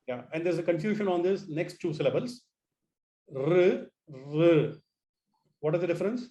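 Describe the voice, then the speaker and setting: A man teaches an online class, his voice sitting a little high. He restarts phrases often and coaxes his students to repeat the sounds after him. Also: quick pace, warm tone. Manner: repeats words, asks students to try sounds.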